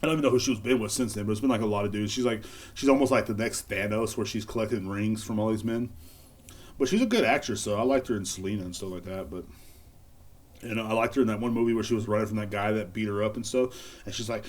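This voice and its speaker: A man's voice: fairly low pitch, fast. A young adult man hosting a solo podcast, ranting in a sarcastic, profane, rambling way with many restarts. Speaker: podcast host. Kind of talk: casual solo rant.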